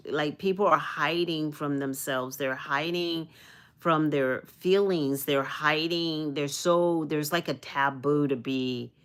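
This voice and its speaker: A woman from Arizona chats live with her viewers in a deep, fairly bright voice. She rambles earnestly, often repeating herself and restarting, as she offers spiritual, uplifting talk about energy and self-love.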